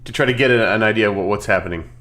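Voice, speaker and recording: A man's voice: fairly low pitch, rapid-fire, bright, forceful tone. A man playing a superhero tabletop game, talking in a playful way. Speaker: player.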